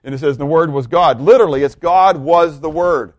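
A man's voice: a little high, fairly quick, dry recording. A man preaching a sermon, teaching from the Bible and asking questions that he answers himself. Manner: animated, asks questions and answers them.

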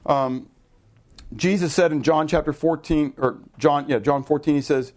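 Middle-aged guy preaching, kinda high voice, animated, talks with the crowd and corrects himself a lot. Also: moderate pace. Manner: animated preaching with audience call-and-response; conversational, self-correcting asides. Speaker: pastor. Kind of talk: sermon.

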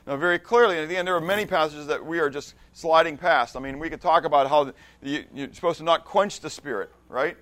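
A man's voice: fairly high pitch, fast talker, few pauses, fairly bright tone. Man teaching a Bible class. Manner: conversational, stops often to check understanding; restarts and repeats words mid-sentence.

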